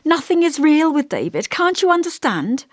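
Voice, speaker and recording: A woman reading the part of a subdued, wary young married woman in an audiobook, speaking quietly and evasively. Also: high-pitched, very animated, moderate pace, no room sound, studio quality, voice pushed up. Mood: pleading.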